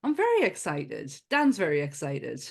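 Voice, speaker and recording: Northern english lady hosting a podcast, bouncy expressive voice, jokey and chatty. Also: sits low, moderate pace, vocal fry. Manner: playful and chatty, laughs often. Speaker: podcast host. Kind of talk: casual podcast chat.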